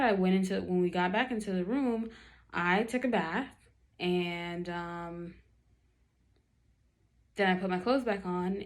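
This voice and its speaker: A young woman chatting to camera, telling a dating story with lots of fillers and acted-out quotes. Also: mid-range voice.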